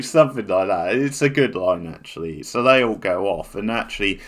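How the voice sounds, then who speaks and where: A man talks through a TV finale in a loose, casual way. He keeps restarting his sentences and leaning on fillers, and his voice sits low. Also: animated, normal speed, hardly any pauses, a bit bright. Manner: rambling, with many restarts and fillers. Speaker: TV reviewer. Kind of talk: casual spoken review.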